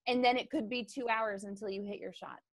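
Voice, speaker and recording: A woman's voice: mid-range voice, steady tone, brisk, no room sound. A woman golfer being interviewed on a podcast, talking in a chatty way with lots of fillers. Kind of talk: casual interview talk.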